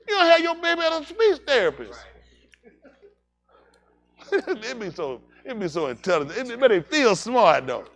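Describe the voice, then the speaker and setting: A male pastor preaching a sermon in casual vernacular, animated and joking with his congregation. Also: sits high, normal speed.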